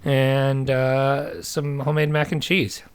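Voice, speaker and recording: A man co-hosting a podcast in casual chat, relaxed and laughing often. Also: medium pitch, slow pace, clean tone. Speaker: podcast co-host. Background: remote call.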